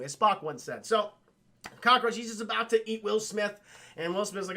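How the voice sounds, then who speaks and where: A young man streaming a casual, profane film recap to his chat, excitably acting out lines from the movie. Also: sits high, fairly quick, creaky.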